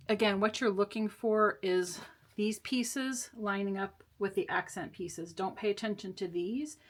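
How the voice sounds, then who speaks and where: A woman's voice: medium pitch, fairly bright tone. Chatty woman teaching a sewing project. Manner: chatty and reassuring, with small laughs and fillers. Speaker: sewing tutorial host. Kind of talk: casual step-by-step sewing instruction.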